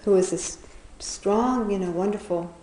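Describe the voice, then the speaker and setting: A woman's voice: medium pitch, unhurried, dark tone. A woman casually retelling an animal fable, rambling with fillers and chuckling as she goes. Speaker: storyteller. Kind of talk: casual storytelling. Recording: roomy echo.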